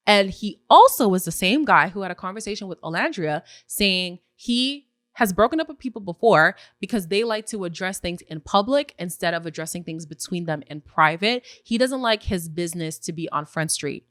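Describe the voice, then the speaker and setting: A woman hosting a casual recap podcast, opinionated and animated, often acting out what others said. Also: medium pitch, normal speed, no room sound, clean studio sound. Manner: opinionated, animated, acts out quotes in voices. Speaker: podcast host recapping a reality show.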